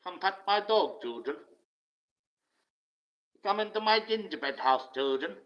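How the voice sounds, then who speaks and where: A creepy old man coos and coaxes in a sugary sing-song, as a man puts him on. The voice is pushed up higher than a plain speaking voice. The sound is dull and lo-fi. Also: expressive, unhurried, a bit bright. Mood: coaxing. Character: creepy old man luring children with sweets.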